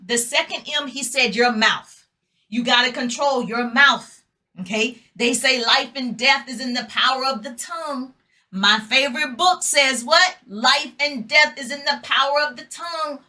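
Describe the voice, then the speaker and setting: A woman's voice: sits high, pushed and bright. A middle-aged woman giving an emphatic motivational talk, leading her audience in repeated call-and-response affirmations. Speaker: motivational speaker.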